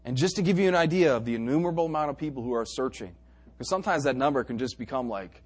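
A man preaching a sermon to a congregation. He swings from quiet asides and dry jokes to loud, emphatic exhortation. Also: mid-range voice, rapid-fire, breathy edge.

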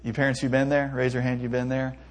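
A man's voice: mid-range voice, completely flat delivery, fast. A young man, a pastor, preaching a conversational sermon with frequent restarts and light laughs. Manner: conversational preaching with stumbles and self-amused laughs.

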